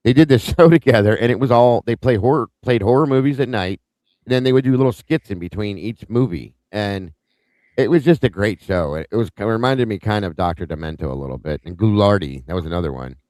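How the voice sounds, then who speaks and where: Brief: low-pitched male panelist from Ohio, meandering storyteller, dry close sound. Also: brisk, darkish tone, no room sound. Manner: rambling reminiscing anecdotes. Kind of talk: casual panel chat.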